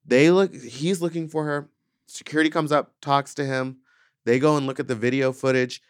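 A man co-hosting a podcast, telling a story in casual chat, full of "like" and animated retelling, into a studio mic. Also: mid-range voice, normal speed, clear, resonant tone, no echo. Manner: chatty, peppered with "like", animated retelling. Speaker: podcast co-host.

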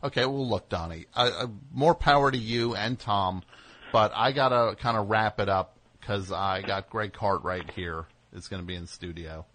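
A man's voice: fairly low pitch, moderate pace, a bit bright. A man hosting a comedy radio call-in show, dry, sarcastic and impatient with his caller. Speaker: radio host.

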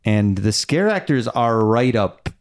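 A man's voice: on the low side, big pitch swings, unhurried, slight background noise. A man co-hosting a podcast in casual chat, rambling and hesitant with many restarts and fillers. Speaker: podcast co-host.

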